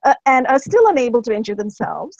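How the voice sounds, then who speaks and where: A high-voiced woman hosts the discussion and speaks with indignant emphasis. Her voice comes through dull, lo-fi call audio that sounds dry and close. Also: big pitch swings, fast, a little mellow, dry recording.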